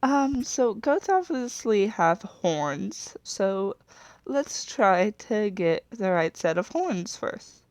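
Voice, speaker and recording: With a medium-pitched, sing-song, darkish voice, a woman speaks slowly as she designs a character for a video, rambling, self-correcting, trailing off, and sometimes apologizing. The recording is dry.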